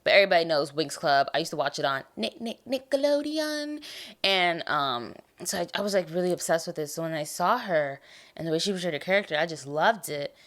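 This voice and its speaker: A tired young American woman hosting a podcast, chatting casually about a TV show in a rambling, animated way. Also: low-pitched, fast. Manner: rambling, animated, trails off and restarts. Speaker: podcast host. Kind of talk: casual TV review chat.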